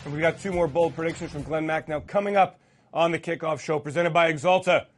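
A man hosting a sports talk show, brisk and wry, stretching words out for emphasis. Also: fairly high pitch, steady tone, faint music behind. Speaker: show host.

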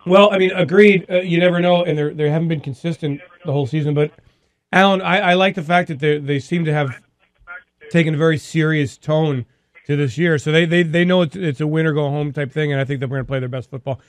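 A man's voice: on the high side, steady tone, quick pace. A man hosting a call-in sports radio show, talking with energy and repeating words as he thinks aloud.

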